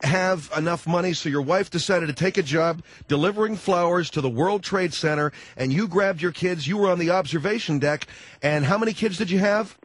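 A man's voice: high-pitched, fairly quick, dry recording. Sarcastic male radio host grilling a caller. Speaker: radio talk show host. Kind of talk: call-in radio talk.

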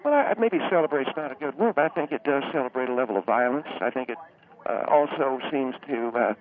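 A man of middle pitch speaks earnestly as a reverend, stopping constantly with hesitations. He calls in over a thin, tinny phone line. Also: animated, slight background noise. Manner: halting, full of uh, earnest. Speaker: reverend calling in. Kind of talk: call-in chat.

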